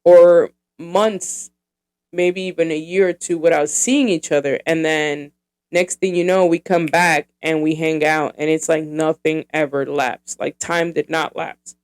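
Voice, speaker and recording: Smooth-voiced woman podcaster in her thirties. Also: low voice, steady tone, measured pace, a little mellow. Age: 30s. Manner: rambling and profane, heavy with fillers. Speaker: podcast host. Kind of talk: casual podcast monologue.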